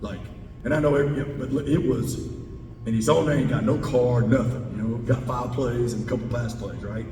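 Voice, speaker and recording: A head football coach talks to a club and fields audience questions, emphatically repeating key words to stress his points. His tone is steady and his pace a little fast, with music in the background. The setting is a large indoor meeting hall, captured by a distant mic with roomy acoustics and a faint rumble.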